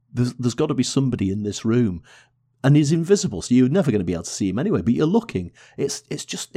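Man, very low voice, podcast co-host, casual film chat, eager, stumbles and restarts. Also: a little mellow, husky. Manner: enthusiastic, with repeated restarts.

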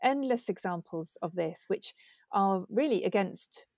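A woman interviewer in a measured way, laying out examples before she asks her question. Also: mid-range voice, lively intonation, darkish tone, dry recording, studio quality.

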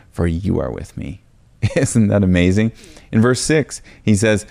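A man preaching an earnest, encouraging sermon, slowing down when he reads scripture aloud. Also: deep voice, creaky, dark tone.

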